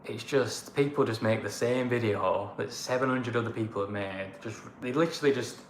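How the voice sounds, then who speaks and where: A blunt northern English man rants his way through a casual livestream chat at a mid-range pitch. He moans freely and says things as they are. His voice bounces around a roomy space with a light hum of background noise. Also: moderate pace. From northern England. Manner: blunt, ranting, fond of moaning. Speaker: co-host of a travel channel.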